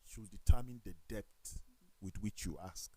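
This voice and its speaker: A man with a Nigerian accent, speaking as a talk show panelist. He tells animated stories, acts out the dialogue, and corrects himself as he goes. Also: on the low side, a little slow. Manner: animated storytelling with quoted dialogue and self-corrections. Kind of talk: casual studio discussion.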